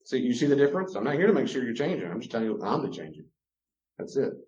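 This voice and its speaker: A man's voice: mid-range voice, big pitch swings, quick pace, darkish tone. A man teaching about relationships, acting out quoted voices and chuckling often. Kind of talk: teaching talk with acted-out examples. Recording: roomy, dull lo-fi recording.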